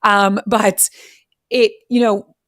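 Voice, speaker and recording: A middle-aged woman hosting an interview, telling family stories in a lively way and acting out what her children said. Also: mid-range voice, slow pace, no room sound, studio quality. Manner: animated, acts out family quotes. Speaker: podcast host. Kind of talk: conversational interview.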